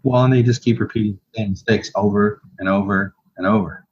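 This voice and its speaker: A man's voice: fairly low pitch, fairly even intonation, a little fast, breathy edge. A man co-hosting a podcast, chatting casually and agreeing with short, affirming remarks. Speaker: podcast co-host. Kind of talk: casual chat. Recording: dull lo-fi sound.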